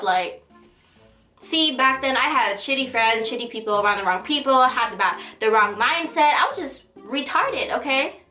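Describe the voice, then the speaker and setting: A young woman vlogger telling a story in a casual, slangy, dramatic way. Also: echoey room. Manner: animated, slangy, dramatic retelling with quick pitch jumps.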